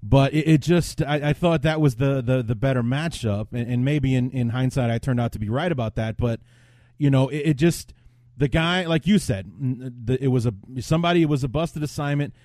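A man's voice: mid-range voice, brisk, darkish tone, no room sound, studio quality. A man hosting a sports podcast, talking in a rambling, blunt way with frequent restarts. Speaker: podcast host. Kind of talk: casual sports podcast chat.

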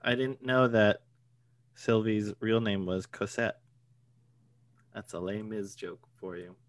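A man, co-hosting a casual podcast, rambling and joking with quick asides. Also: lowish voice. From Boston area. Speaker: podcast co-host.

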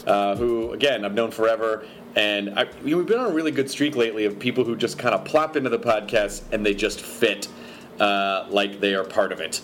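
A man hosting a podcast, reading plugs and sponsor ads in a loose, joking way, often correcting himself. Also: medium pitch. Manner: rambling, self-correcting, joking. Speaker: podcast host. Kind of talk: casual podcast intro and ad read.

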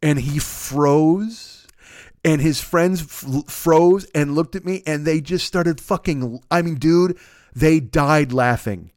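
A man, a podcast host, telling a comedic story in a rapid, animated way, with casual and crude slang. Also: a little high, no echo, studio quality. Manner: rapid, animated anecdote with acted quotes.

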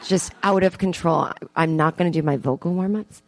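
A woman comedian telling a story live on stage, self-mocking and animated, acting out her own thoughts. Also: on the low side, brisk, no echo, some chatter behind. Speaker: comedian and podcast host. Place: theatre stage with audience.

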